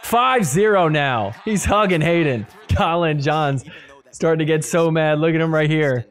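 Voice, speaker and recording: A man hosting a podcast, giving animated play-by-play commentary over match replays and laughing often. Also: a little high, measured pace, clean tone. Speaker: podcast host. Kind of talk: excited sports recap commentary.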